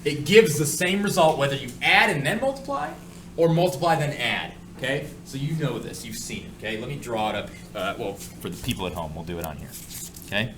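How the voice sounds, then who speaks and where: A man's voice: medium pitch, a little fast, echoey room, noisy background. A man teaching a math class, explaining with jokes and asides to his students. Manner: joking, lively, asides to students. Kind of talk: classroom lecture.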